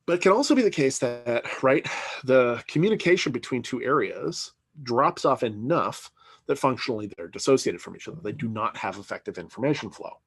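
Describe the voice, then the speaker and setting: A man's voice: medium pitch, animated, a little fast, breathy edge, dry recording. A man giving a conversational university lecture, often checking in with "right?" and filler words. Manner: conversational, peppered with "right?" and "you know".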